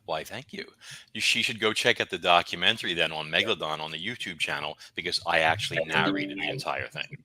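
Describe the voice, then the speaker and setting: A man's voice: low-pitched, fairly even intonation, a little fast, bright, forceful tone, no echo, rough recording. A man with a Brooklyn accent, a guest author chatting and telling stories animatedly, often stammering and repeating words. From Brooklyn, New York. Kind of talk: casual storytelling chat.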